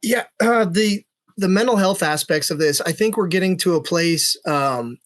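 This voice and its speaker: Earnest halting man telling a story. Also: high-pitched, lively intonation, a bit bright. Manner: earnest, halting, many fillers and restarts. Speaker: SWAT officer guest. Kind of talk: podcast interview storytelling.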